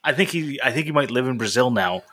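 A man's voice: mid-range voice, expressive, fast talker, fairly bright tone. A man co-hosting a podcast, rambling and teasing in a dry way. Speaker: podcast co-host. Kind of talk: casual podcast chat.

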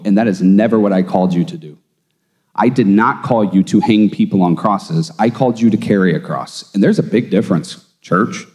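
A man who teaches theology, talking casually and emphatically, telling stories in a podcast conversation. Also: on the low side. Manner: animated, emphatic storyteller. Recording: long room reverb.

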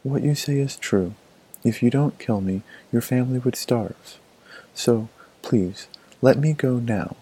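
Gentle begging mother deer, as a man reads her. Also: mid-range voice, unhurried, breathy edge, poor audio. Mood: pleading. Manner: begging softly.

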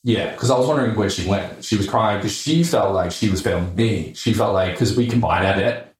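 An Australian man on a podcast tells his story in a casual, animated way. His voice sits low, and he throws in swear words and acts out other people's quotes as he goes. The room around him is echoey. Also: a little fast. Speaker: podcast guest, entrepreneur.

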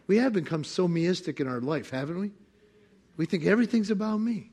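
A man preaching a sermon as pastor, animated and playful, acting out voices with bursts of laughter. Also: a little high, brisk, husky. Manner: animated, acts out God's voice with laughter.

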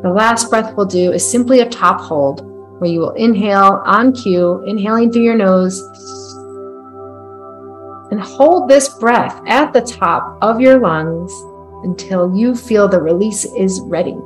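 A woman leads a guided breathwork meditation, talking in a calm, soft and unhurried way. Her voice sits at an ordinary middle pitch. Faint music with a singing bowl plays underneath.

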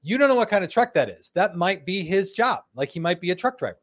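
A man's voice: sits high, big pitch swings, fast talker. A man hosting a casual live stream, chatting and joking as he reads viewer comments aloud. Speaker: host. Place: studio in Phoenix.

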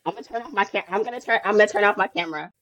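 A woman's voice: medium pitch, racing, fairly bright tone, rough recording. A woman guest on a podcast interview, speaking casually and laughing easily. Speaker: guest, author and podcast host.

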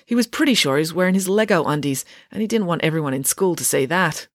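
A woman narrating a children's audiobook in a lively, expressive way. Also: on the low side, fast, no room sound, clean studio sound. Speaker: author and narrator.

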